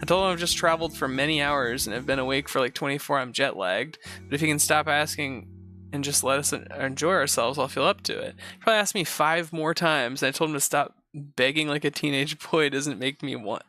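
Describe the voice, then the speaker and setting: A man's voice: fairly high pitch, a little fast, bright, forceful tone, soft background music. A young man hosting a show, reading a post aloud in first person and breaking off for blunt, sarcastic asides. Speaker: host reviewing reddit posts.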